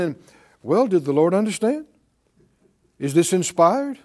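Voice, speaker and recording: A man's voice: high voice, lively intonation, normal speed, long pauses, warm tone. A man preaching a sermon, building emphasis and drawing responses from his congregation. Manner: emphatic call-and-response preaching, rising in force. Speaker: pastor.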